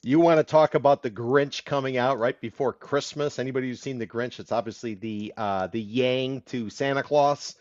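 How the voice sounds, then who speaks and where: A man's voice: medium pitch, normal speed, hardly any pauses, a little mellow, dry recording, lo-fi sound. A man hosting a local real estate podcast, opening with an upbeat intro and chatting casually with his co-host.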